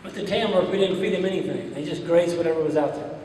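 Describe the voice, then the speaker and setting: Heard from afar in a roomy, large hall, an American man with a Midwestern accent delivers a conference talk followed by audience questions. His style is folksy and plain-spoken, with stories that quote exchanges between people. He talks fast in a warm, higher voice, over slight background noise.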